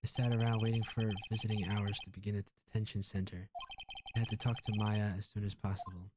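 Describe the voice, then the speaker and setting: A man's voice: on the low side, little pitch movement, quick pace, very noisy, natural voice. A man reading as a matter-of-fact young lawyer. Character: young male defense lawyer narrating. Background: game music.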